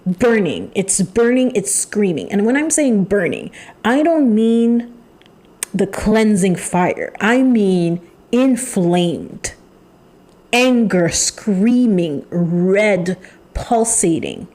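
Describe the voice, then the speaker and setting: A woman giving a channeled tarot reading, talking in an emphatic, repetitive way with pauses and sighs. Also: medium pitch, sing-song, darkish tone. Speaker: tarot reader.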